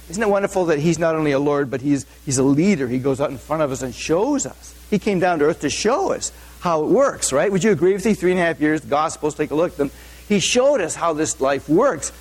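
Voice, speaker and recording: A man's voice: fairly high pitch, darkish tone. A male pastor giving a conversational sermon, often asking the audience questions. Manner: asks the audience frequent questions; informal, with many fillers and restarts.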